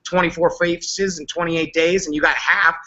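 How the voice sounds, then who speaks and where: A man giving an upbeat business presentation, excited and repetitive, his voice worn and going hoarse. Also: on the high side, normal speed, highs cut off. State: losing his voice. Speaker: company leader on a recap call.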